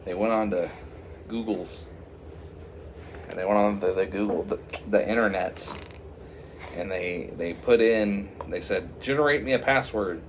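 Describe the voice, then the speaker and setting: A man telling an improvised comic story in a rambling, halting way, with lots of restarts. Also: low voice, steady tone, darkish tone, a little hiss or hum.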